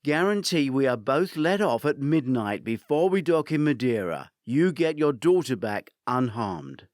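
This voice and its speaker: A man's voice: a little high, lively intonation, measured pace, a little mellow, no echo. A man voicing a cornered, defiant female accomplice who answers in insistent, clipped replies. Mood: cold.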